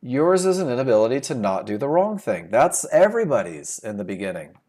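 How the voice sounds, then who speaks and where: A man's voice: mid-range voice, sing-song, fairly quick, a little mellow. A man leading a live trading class over a computer microphone, firing rhetorical questions and repeating his key points for emphasis. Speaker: trading instructor. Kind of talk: live webinar teaching.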